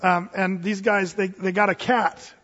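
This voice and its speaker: Male pastor, high-pitched, storytelling sermon style, dull recording with long hall reverb. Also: little pitch movement, measured pace. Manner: storytelling with humor, many restarts, sudden loud bursts.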